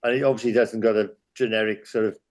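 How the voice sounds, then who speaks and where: Fast-talking blunt older man. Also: fairly low pitch, flat delivery, darkish tone. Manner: blunt, dismissive. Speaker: regular of the group chat. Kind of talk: casual chat among friends.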